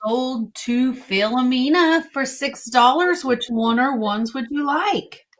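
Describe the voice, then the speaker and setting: Woman auctioneer calling bids real slow, a bit high, faint hiss behind. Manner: measured, calls bids in set phrases. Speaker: auctioneer co-host.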